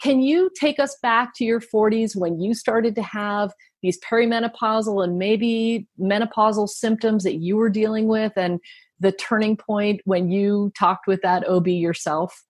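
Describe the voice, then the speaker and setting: A woman with a slightly husky, breathy voice hosts an interview, asking questions and backing up her guest with affirming remarks. The sound is dry and close. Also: mid-range voice, fairly even intonation, moderate pace, a little mellow, no room sound. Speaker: podcast host.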